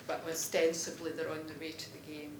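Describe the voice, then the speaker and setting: A woman's voice: deep voice, a little fast. Chatty Scottish woman presenting poems. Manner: lively, chatty, laughs often. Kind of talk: poetry reading and teaching talk. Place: conference hall. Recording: roomy hall with background noise.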